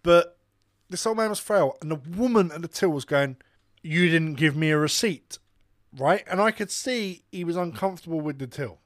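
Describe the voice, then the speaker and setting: A man's voice: high voice, animated, brisk, dry recording, studio quality. A man on a casual podcast, telling a heated, sweary anecdote and acting out the people in it. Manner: heated, sweary storyteller who acts out the people in his story. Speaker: podcast co-host and radio presenter. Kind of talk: casual chat, ranting anecdote.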